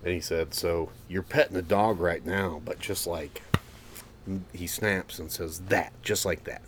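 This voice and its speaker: A young adult man, a former Marine and firefighter, casually telling a profane, animated story as a podcast host. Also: low-pitched, unhurried, slight background noise.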